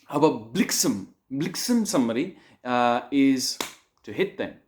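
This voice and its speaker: Man, english teacher, online slang lesson, lively, chuckles between examples, mid-pitched voice. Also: a little slow.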